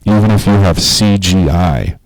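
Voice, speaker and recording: A man's voice: low voice, unhurried, no echo, low-quality recording. A man telling a rambling, profane story in casual talk, laughing at his own tale and acting out quotes in a raised voice.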